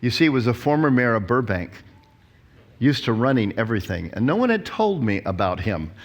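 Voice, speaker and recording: A man's voice: mid-range voice, fairly quick, slight background noise. A man in his sixties, a pastor giving a conference talk, who tells stories and acts out the quotes. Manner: storytelling, animated, acts out quotes.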